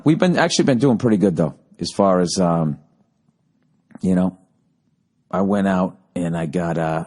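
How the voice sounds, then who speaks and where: A man's voice: lowish voice, a little mellow. A man hosting a podcast, telling a story in a casual monologue, ranting and swearing freely. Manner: profane, ranting. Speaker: podcast host.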